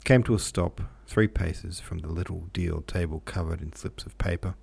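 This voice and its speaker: Audiobook narrator, male, low and gravelly, measured delivery. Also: a little mellow. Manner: measured, occasionally self-correcting. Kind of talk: reading a classic novel aloud.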